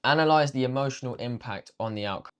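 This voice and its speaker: A man's voice: medium pitch, fast talker, smooth. A young man, a trading coach giving a blunt, swear-filled motivational rant and ending lines with "bruv" and "yeah".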